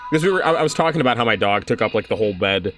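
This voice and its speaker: Young guy streaming a game, bouncy pitch, reads stuff out and cracks up a lot. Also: expressive, rapid-fire, a bit bright, soft background music. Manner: laughs often, chatty, swears casually. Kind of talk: casual game stream commentary and reading aloud.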